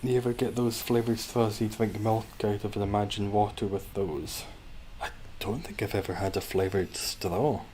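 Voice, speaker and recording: A man's voice: on the low side, steady tone, moderate pace, a little mellow, slight background noise. A man streaming a game from home, rambling wryly and chatting with his viewers between moves. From Scotland. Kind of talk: casual livestream chat while gaming.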